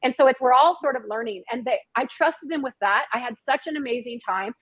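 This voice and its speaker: A woman's voice: sits high, fairly quick, a bit bright, dry recording, low-quality recording. A middle-aged woman, a guest author and screenwriter, chatting animatedly in an interview and often repeating words. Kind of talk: casual interview chat.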